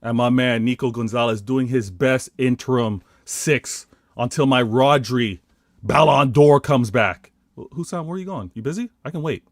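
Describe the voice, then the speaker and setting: A man's voice: medium pitch, moderate pace, dry recording, clean studio sound. A Canadian man on a football podcast, giving a theatrical fan rant with mock indignation. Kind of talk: casual football podcast chat.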